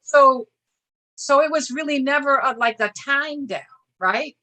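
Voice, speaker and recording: An older woman answering interview questions in an earnest, measured way, often restarting her sentences. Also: high voice, sharp tone. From Boston area. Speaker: interview guest, former state senator. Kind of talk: reflective interview talk.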